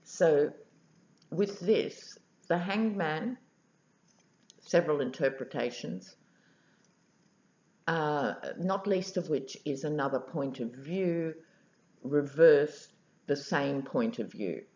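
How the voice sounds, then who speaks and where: Slow low-voiced woman. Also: animated, a little mellow, roomy sound. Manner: wry and chatty. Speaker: tarot reader. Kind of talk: casual vlog storytelling. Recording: dull lo-fi audio.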